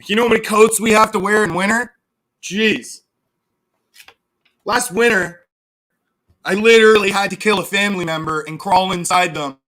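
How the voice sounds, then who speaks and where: Profane, high-voiced streamer man. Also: normal speed, pauses often, sharp tone. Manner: profane, sarcastic, reads chat aloud. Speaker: livestream host. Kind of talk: casual livestream rant.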